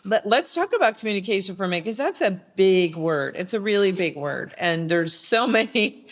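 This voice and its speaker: A woman co-hosting a casual podcast speaks at a mid pitch. She tells stories in a loose, chatty way and laughs easily between thoughts. Her delivery stays conversational and unforced. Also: expressive, fairly quick. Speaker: podcast co-host. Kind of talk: casual interview talk.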